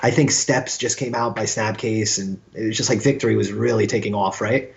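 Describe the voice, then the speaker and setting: A man's voice: on the low side, fairly quick, vocal fry. A man, telling stories as a guest in a casual interview and acting out the voices of the people he quotes. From Brooklyn, New York. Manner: animated storyteller who acts out quoted dialogue. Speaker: guest musician. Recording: slightly dull lo-fi sound.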